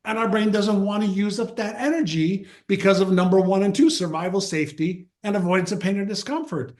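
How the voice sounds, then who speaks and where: A man in his sixties, a guest on an interview show, telling a story in a lively conversational way and acting out the quotes. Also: sits high, a little fast. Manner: animated, acts out quotes. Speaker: guest, mindset author.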